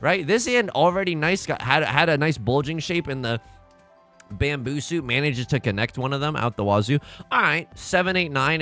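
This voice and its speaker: A young man giving jokey, excitable commentary over a mahjong game he is playing, breaking into sudden outbursts. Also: fairly high pitch. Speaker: gaming YouTuber and commentator. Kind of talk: mahjong let's play commentary.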